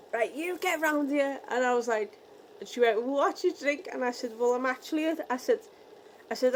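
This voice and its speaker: A young British woman from the UK telling a story in a casual vlog, acting out the dialogue with lively energy. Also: on the high side, a little hiss or hum, low-quality recording. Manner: animated, re-enacting dialogue. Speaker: vlogger.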